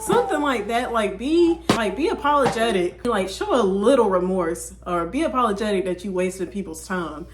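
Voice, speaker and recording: A woman's voice: mid-range voice, animated, normal speed, few pauses. Chatty woman host in an echoey room. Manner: chatty, talks straight to viewers. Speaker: host reacting to clips. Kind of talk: casual reaction commentary. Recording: echoey room with faint noise.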